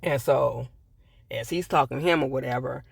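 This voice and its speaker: Gravelly, blunt man reviewing TV. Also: mid-range voice, moderate pace. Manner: blunt, profane, emphatic, repeats phrases. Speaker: TV show reviewer. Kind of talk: casual episode review.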